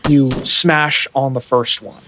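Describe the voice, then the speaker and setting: A man narrating a tabletop game as game master, describing scenes in a halting way with lots of fillers. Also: medium pitch, steady tone, slight background noise.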